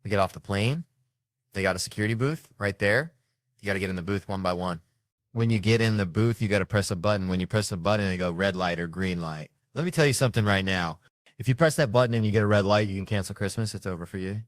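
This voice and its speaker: Animated, profane male comedian with a low voice. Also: fast talker, no echo. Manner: animated, profane, acts out dialogue. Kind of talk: comic storytelling.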